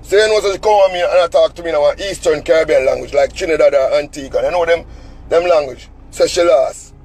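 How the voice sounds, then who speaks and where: A man's voice: on the high side, fast, darkish tone, poor audio. A Jamaican man telling a story as an angry, cussing rant in heavy patois, sitting in a car. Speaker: vlogger.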